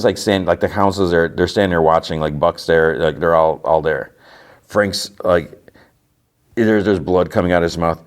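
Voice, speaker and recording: A man hosting a podcast, casually retelling a TV episode scene by scene, full of "like" and restarts. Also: low voice. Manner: rambling, filler-heavy retelling with lots of "like". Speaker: podcast host.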